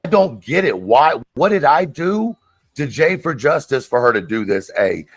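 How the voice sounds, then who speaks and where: A man's voice: medium pitch, sing-song, normal speed, dry recording. A man in a played clip from a livestream, arguing in an agitated, defensive way and repeating himself. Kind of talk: heated live-stream argument.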